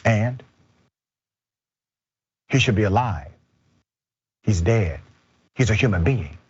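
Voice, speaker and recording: A man's voice: lowish voice, lively intonation, takes it slowly, breathy edge, highs cut off. A male host of a political commentary show who speaks in short, emphatic statements.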